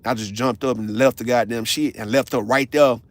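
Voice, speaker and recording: A man, ranting on a casual livestream in a blunt, profane, animated storytelling way. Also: medium pitch, brisk, dry recording. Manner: blunt, confrontational.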